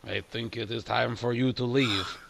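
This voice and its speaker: A man voicing a big, muscled bouncer who speaks calmly and politely while throwing someone out. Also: medium pitch, normal speed, creaky. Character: burly bouncer, calm and polite.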